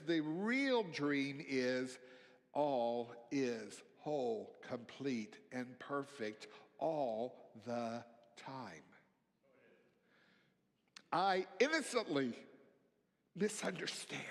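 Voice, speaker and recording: Slow, soft-spoken man preaching in a hall. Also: mid-range voice, expressive. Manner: slow, reflective, drops to soft near-whispers on key phrases. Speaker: minister. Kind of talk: sermon. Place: church sanctuary. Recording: long hall reverb.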